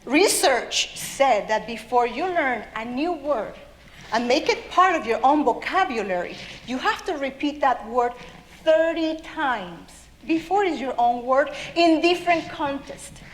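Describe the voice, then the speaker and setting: A woman with a South American accent gives an animated storytelling talk to an audience as a children's author. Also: high voice, a little slow. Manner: animated, expressive. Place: stage at a public event. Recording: roomy hall with faint ambience.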